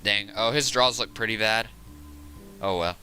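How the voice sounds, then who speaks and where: A man's voice: fairly low pitch, measured pace, pushed and bright, faint music behind. A young man from the Southern United States with a Southern accent, chatting casually and rambling during a live game stream. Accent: Southern American. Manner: rambling, chatty, laughs often.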